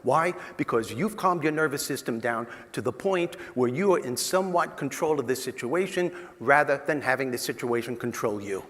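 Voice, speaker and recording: A man giving a humorous motivational talk, telling a story to a live audience in a punchy, animated way. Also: mid-range voice, normal speed, few pauses. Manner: animated, punchy, talks directly to the crowd. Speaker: motivational speaker. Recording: long reverb of a large hall.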